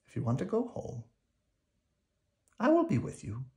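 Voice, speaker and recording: A man voicing a gentle old grandmother spirit in a storybook read-aloud, speaking softly, slowly and near a whisper. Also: on the high side, wildly swooping pitch, creaky, exaggerated voice. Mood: tender. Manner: soft, slow and hushed.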